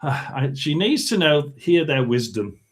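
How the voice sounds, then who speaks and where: A man hosting a casual tarot and spirit box reading. He chats and mutters asides, often clearing his throat. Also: a little high, very animated, measured pace.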